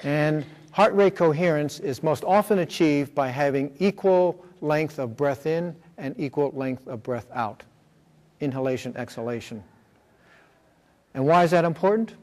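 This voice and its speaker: A man with a voice on the high side and a darkish tone presents a slide workshop in a school room, speaking a little slowly. He explains step by step, with frequent fillers and check-ins, and a long hall reverb lingers behind him.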